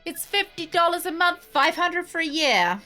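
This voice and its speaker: A woman's voice: extremely high pitch, expressive, moderate pace, bright, forceful tone, soft background music, voice pushed up, exaggerated voice. Woman doing a dry, businesslike harbor clerk.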